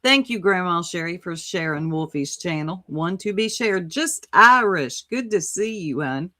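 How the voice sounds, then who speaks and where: A woman's voice: on the low side, expressive, unhurried, pushed and bright, no room sound, studio quality. A woman hosting a casual live-stream chat, chatty and drawling. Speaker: host.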